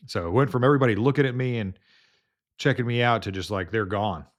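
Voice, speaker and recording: A man's voice: medium pitch, quick pace. A man working as a home health nurse, casually telling a story in a rambling way, full of fillers and restarts.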